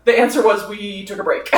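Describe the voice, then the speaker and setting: A man's voice: high-pitched, expressive, normal speed, a bit bright. A young man in his twenties chatting casually in a cooking vlog, tired and sick from sunburn, rambling and mocking himself, swearing often and laughing between phrases. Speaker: vlogger. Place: home kitchen while cooking. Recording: echoey room, voice from a distance.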